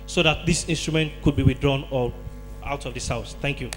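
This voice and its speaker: A man's voice: mid-range voice, brisk, a bit bright, faint music behind. A man speaking as a member of parliament who politely and formally puts a request to the speaker. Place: parliament chamber.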